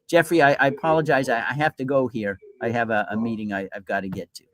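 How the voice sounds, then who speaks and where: A man appearing as a guest in a political talk show, cutting in to retell a historical story in a lively way. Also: mid-range voice, quick pace, low-quality recording.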